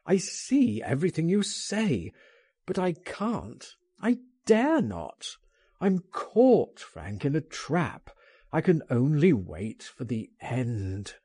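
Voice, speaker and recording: A man's voice: on the high side, huge pitch swings, slow, warm tone, husky, dry recording, studio quality, full character voice. A man doing an anguished, wailing man dreading arrest. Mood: despairing. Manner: wailing, pleading, despairing.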